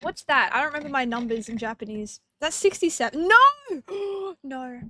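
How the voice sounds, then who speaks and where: Brief: young woman, live-stream host, high and dry, giggly and chatty. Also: a little fast, a bit bright, no room sound. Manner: bubbly, giggly, greets chat members one by one. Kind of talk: casual live-stream chat.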